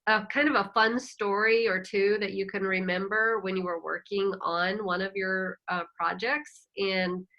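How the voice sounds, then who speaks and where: A woman's voice: medium pitch, fairly even intonation, unhurried, few pauses, highs cut off. A woman hosting an interview, asking her guest questions in a chatty, friendly way. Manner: chatty, warm-hearted questioner who laughs often. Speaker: host. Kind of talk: casual interview.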